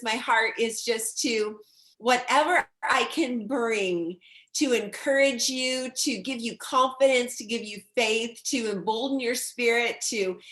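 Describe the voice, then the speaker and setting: A woman guest on a video call speaks with heartfelt gratitude, her voice turning emotional. Her pitch sits a little high, and the room around her is echoey. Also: a bit bright. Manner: emotional, grateful, speaks of faith.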